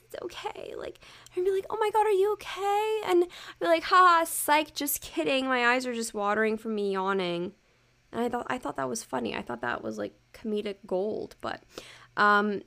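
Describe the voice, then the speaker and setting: A young woman chats loosely on her own solo podcast in a medium-pitched, slightly bright voice. She swears freely, mocks herself, and fills her talk with "um" and "like."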